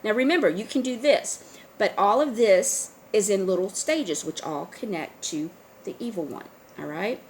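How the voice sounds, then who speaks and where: A woman talking straight to her viewers in a casual monologue, earnest and urging, often pausing on fillers and restarting. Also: mid-range voice, lively intonation, slight background noise, low-quality recording. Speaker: online video host. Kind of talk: casual direct-to-camera monologue.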